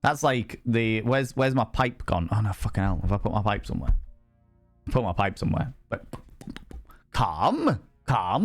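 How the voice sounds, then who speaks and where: A man chatting casually with viewers as a livestream host, playful and theatrical, swearing freely and swinging between shouts and hushed asides. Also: medium pitch, animated, normal speed, soft background music.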